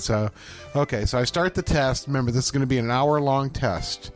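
A podcast co-host with a mid-range voice and a brisk pace recounts a work story in casual chat, animatedly acting out the voices of the people he quotes. Soft music plays in the background.

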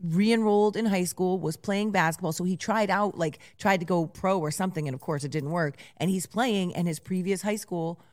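A middle-aged woman with a slightly low voice, chatting casually as a co-host. She tells stories in an animated way, swears freely and breaks into laughter. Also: normal speed, few pauses. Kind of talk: casual chat.

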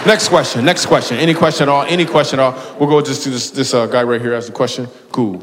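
A man's voice: medium pitch, fast, noisy background. A man doing stand-up crowd work, telling stories and teasing audience members with bursts of laughter. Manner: loose, teasing, storytelling with bursts of excited laughter. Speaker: stand-up comedian taking audience questions. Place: large hall before a live audience. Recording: live hall with long reverb.

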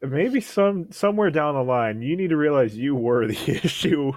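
A man's voice: a little high, expressive, moderate pace, darkish tone, no room sound. A man co-hosting a podcast, teasing and laughing through casual banter. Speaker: podcast co-host. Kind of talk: casual chat.

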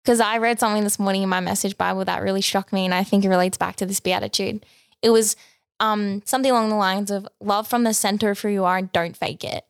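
A young woman co-hosting a casual faith podcast, talking in a chatty, reflective way with plenty of fillers and restarts. Her voice sits at a middle pitch. The sound is dry and close, with no room around it. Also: fairly even intonation, fast, gravelly, clean tone, no echo. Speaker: podcast co-host.

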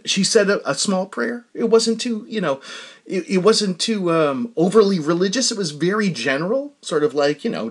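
Male podcast host, middle-aged, open and rambling delivery, very lively pitch. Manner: candid, rambling with many fillers and restarts. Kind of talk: casual personal monologue.

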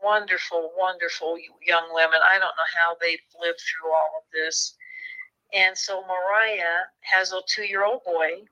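A woman's voice: on the low side, sharp tone, poor audio. A woman author talking through a true crime case in an interview, earnest and at times moved. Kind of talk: interview conversation.

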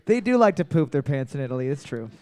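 Smooth-voiced young trivia host. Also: male voice, on the high side, big pitch swings, warm tone, no echo. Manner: reads questions slowly twice, joking asides. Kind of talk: casual live trivia hosting.

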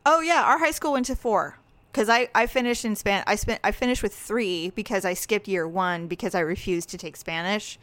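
A woman co-hosting a podcast, telling stories in a chatty, animated way with quick asides. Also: mid-range voice, no room sound. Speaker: podcast co-host. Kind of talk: casual chat.

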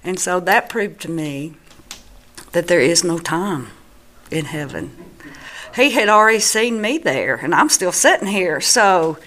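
A middle-aged woman, a mother giving personal testimony in an earnest, halting way with many restarts. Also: fairly low pitch, lively intonation, fairly bright tone, a little hiss or hum.

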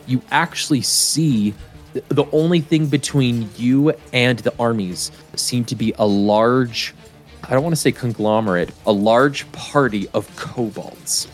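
A man's voice: medium pitch, slow pace, faint music behind. A man narrating a tabletop game as game master, casual with many fillers.

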